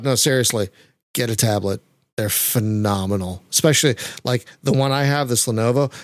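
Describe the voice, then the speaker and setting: A man's voice: mid-range voice, normal speed, dry recording, studio quality. A man hosting a casual podcast chat, gushing with frequent exclamations. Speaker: podcast host.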